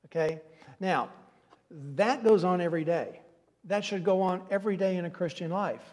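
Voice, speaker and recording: A man's voice: high-pitched, moderate pace, a little mellow, in a large hall. A man leading a church question-and-answer session as pastor, earnest, stumbling over repeated words as he explains. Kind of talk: church Q&A teaching.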